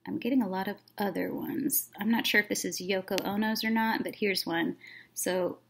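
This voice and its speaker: A woman teacher reading a children's book aloud, then talking through a lesson in a friendly, relaxed way with plenty of fillers. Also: mid-range voice, moderate pace, creaky, slight background noise.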